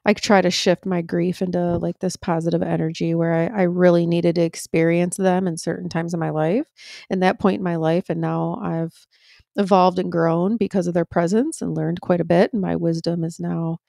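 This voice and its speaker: A woman with a lowish, gravelly voice co-hosting a casual podcast. She talks in a reflective, even-keeled way. The close mic gives a dry sound. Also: normal speed, no room sound. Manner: reflective, self-described stoic. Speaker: podcast co-host.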